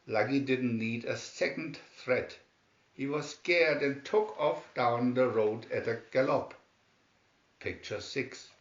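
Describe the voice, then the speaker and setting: A man reading a children's storybook aloud in a slow, measured way. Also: medium pitch. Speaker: storybook reader. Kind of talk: read-aloud storybook narration. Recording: roomy, dull lo-fi sound.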